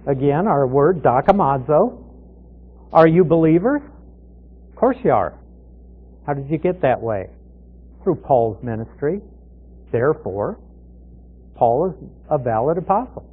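A man teaching through a Bible passage verse by verse, in a conversational way, asking questions and answering them himself. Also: on the high side. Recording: tinny phone-like radio broadcast.

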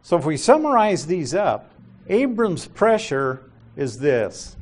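A male Bible teacher talks slowly through a passage in a lively, rising and falling voice. He explains each point patiently and keeps turning it back to his listeners with questions. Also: a little high.

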